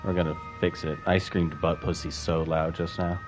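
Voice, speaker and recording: A man's voice: low voice, little pitch movement, moderate pace, faint music behind. A young man streaming a space game, rambling and swearing casually, bursting into yelps and laughs. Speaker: gaming streamer. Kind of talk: casual gameplay commentary.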